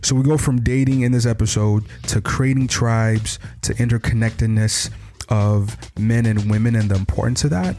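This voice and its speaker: A man from Africa hosting a podcast, talking in an animated, sing-song way as he welcomes people. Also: medium pitch, normal speed, a little hiss or hum. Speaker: podcast host. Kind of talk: casual podcast chat.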